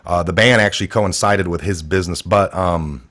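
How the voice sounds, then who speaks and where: A man's voice: sits low, moderate pace, a bit bright. A man hosting a casual political talk show, rambling with many fillers and restarts and acting out quoted people in a raised voice. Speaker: podcast host.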